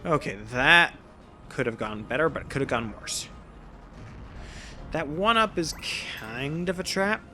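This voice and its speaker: A man's voice: on the high side, expressive, measured pace, long pauses, pushed and bright, soft background music. A man giving casual, rambling, self-deprecating let's play commentary over a video game. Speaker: gameplay commentator.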